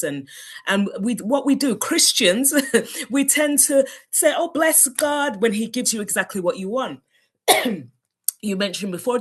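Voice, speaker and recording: A woman's voice: medium pitch, breathy edge. Woman, podcast guest, candid faith testimony, earnest, laughs a lot. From South London. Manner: earnest, animated, laughs often. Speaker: podcast guest, wellbeing coach.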